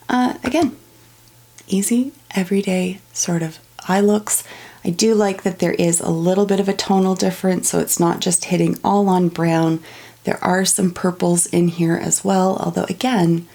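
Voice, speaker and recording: A woman with a low, deep voice talks through her makeup palettes in a relaxed, chatty way. There is a gravelly fry running through her speech. She sounds like a young adult from Canada giving detailed, easygoing product commentary. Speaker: beauty vlogger. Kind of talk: casual makeup declutter talk.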